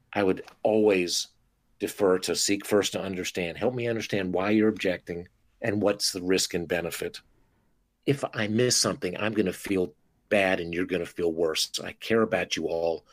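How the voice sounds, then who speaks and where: A man who is a dentist, talking as a guest on a podcast interview in an expressive, animated way and acting out talks with patients. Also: low-pitched, moderate pace, dry recording.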